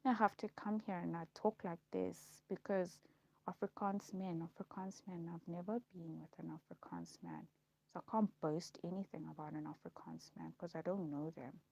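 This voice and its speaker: Gravelly-voiced woman ranting. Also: on the low side, expressive, normal speed, mellow. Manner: rambling and repetitive, circling back on her words. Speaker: vlogger. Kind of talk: casual rant to camera.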